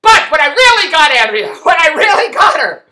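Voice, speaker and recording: A man telling Catskills-style stand-up jokes to his wife in a rapid-fire delivery with repeated phrases, loud on punchlines and low and muttered in between. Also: sing-song.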